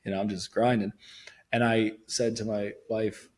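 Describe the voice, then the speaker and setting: A man hosting a podcast in casual conversation, relaxed and jokey, laughing often and chiming in with quick affirmations. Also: fairly low pitch. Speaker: podcast host.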